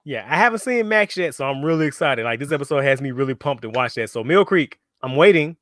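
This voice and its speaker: A man's voice: mid-range voice, animated, quick pace, a bit bright, no echo, studio quality. A man co-hosting a podcast in casual chat, throwing in playful, teasing quips. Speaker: podcast co-host.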